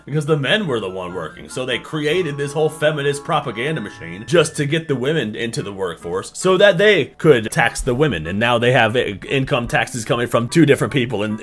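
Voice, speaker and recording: A man reacting to clips as a streamer, talking crudely and mockingly, his voice swinging between loud outbursts and mutters. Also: mid-range voice. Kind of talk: casual reaction commentary.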